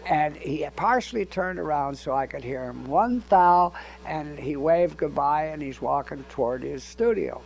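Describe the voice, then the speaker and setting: Gravelly older man telling stories. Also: fairly high pitch, normal speed, hardly any pauses, slight background noise, poor audio. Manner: animated storyteller who acts out dialogue. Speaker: interview guest. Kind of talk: anecdotal storytelling.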